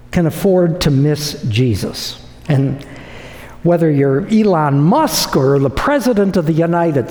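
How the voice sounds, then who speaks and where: A man's voice: high voice, darkish tone. A man preaching a sermon, emphatic and repeating phrases for effect. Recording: echoey hall with long reverb.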